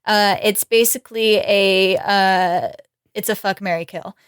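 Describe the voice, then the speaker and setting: A woman's voice: medium pitch, fairly even intonation, a little slow, smooth. A woman co-hosting a podcast, talking in a rambling, casual way and laughing often. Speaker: podcast co-host. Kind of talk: casual chat.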